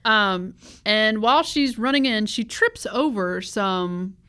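A woman's voice: medium pitch, expressive, slow pace, sharp tone, clear, resonant tone. A woman co-hosting a casual podcast, chatting and recapping a movie with frequent laughter and playful asides. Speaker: podcast co-host.

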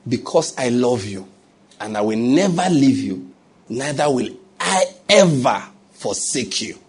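A man's voice: medium pitch, animated, measured pace, slightly rough. A man with a Nigerian accent preaching a sermon as a pastor, asking rhetorical questions and mixing in humor.

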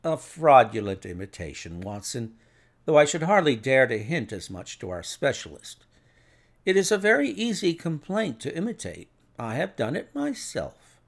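A man doing a sure, gravelly detective. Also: mid-range voice, big pitch swings, moderate pace. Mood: reasoning. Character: sharp, confident male detective.

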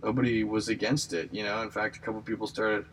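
A man's voice: on the low side, flat delivery, fast, fairly bright tone, slight background noise, rough recording. A young man talking in a rambling, self-deprecating casual monologue, joking and restarting often. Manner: self-deprecating, jokey, lots of fillers and restarts. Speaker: aspiring comedian and actor.

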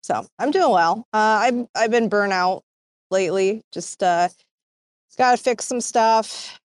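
A woman's voice: medium pitch, measured pace, no echo. Chatty woman with a dry close sound. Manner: chatty, full of fillers and hedges. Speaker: guest in a crypto community talk. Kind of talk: casual online group chat.

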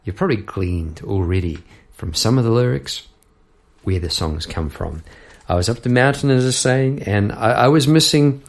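A middle-aged man talks over his songwriting in a loose, rambling way, full of fillers and asides. His voice sits low with a rough, gravelly fry. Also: lively intonation, normal speed. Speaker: podcast host and songwriter. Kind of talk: reflective casual talk.

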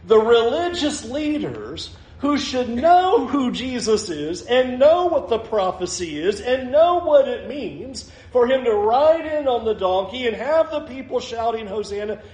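High-voiced pastor preaching in an echoey room. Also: male voice, unhurried, hardly any pauses. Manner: animated, acts out quotes with shifting pitch. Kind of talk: sermon.

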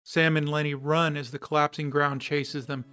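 A man hosting a podcast, narrating a story in a steady, descriptive way. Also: fairly high pitch, normal speed, clean tone.

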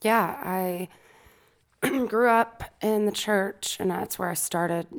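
Young woman with a gravelly voice. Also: mid-range voice, slow. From Texas. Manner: easygoing, laughs often. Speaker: singer, podcast guest. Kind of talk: casual interview chat. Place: home studio.

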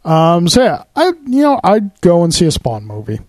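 A man's voice: high voice, wildly swooping pitch, a little mellow, no room sound. A man co-hosting a casual podcast, chatting about comics and films and explaining story plots at length. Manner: talks fast, explains stories at length. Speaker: podcast co-host.

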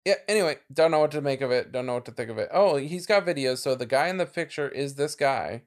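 A man's voice: medium pitch, animated, quick pace. A man co-hosting a podcast in casual chat, laughing often and trailing off into fillers. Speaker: podcast co-host.

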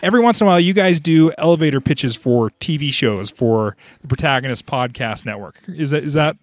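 A man's voice: fairly high pitch, lively intonation, a little fast, no room sound. A man hosting a podcast, chatting casually and often restarting his sentences. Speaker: podcast host. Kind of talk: casual chat.

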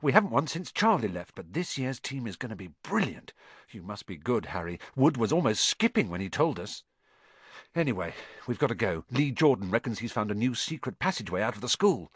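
A man voicing a cheeky teenage boy who talks low, quick and breezy, in an audiobook reading. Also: very animated, husky, no echo.

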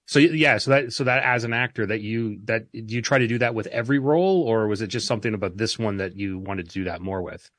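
A man co-hosting a podcast interview, talking in a rambling, halting way with lots of fillers. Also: lowish voice, a bit bright, no echo, studio quality. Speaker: podcast co-host. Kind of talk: casual interview chat.

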